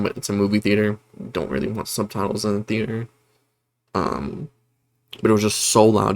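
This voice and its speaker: A man's voice: fairly low pitch, gravelly. A man casually reviewing a horror movie, rambling with many fillers and retelling scenes with energy.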